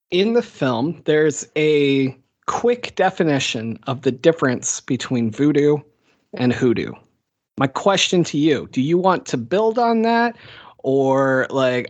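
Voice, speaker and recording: A man's voice: on the high side, dry recording. A man hosting a podcast in casual chat, easygoing, asking loose, rambling questions. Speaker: podcast host. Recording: dry dull lo-fi podcast audio.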